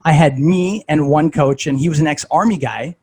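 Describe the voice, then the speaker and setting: A man's voice: a little high, moderate pace, warm tone, husky, rough recording. A man talking casually as a fitness coach, conversational and full of "like" and "right?".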